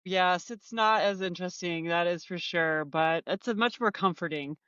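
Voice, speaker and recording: Male podcast co-host, high and bright, measured replies, slightly dull lo-fi sound. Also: clean tone, no echo. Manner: measured, matter-of-fact replies. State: recovering from illness. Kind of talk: casual podcast chat.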